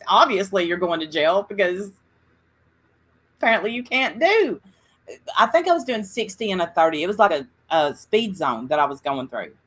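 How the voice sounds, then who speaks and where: A chatty woman hosting a casual livestream. Her voice is bright and forward. She tells rambling stories and talks straight to the people in her chat. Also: medium pitch, very animated, moderate pace, pauses often, breathy edge. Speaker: livestream host.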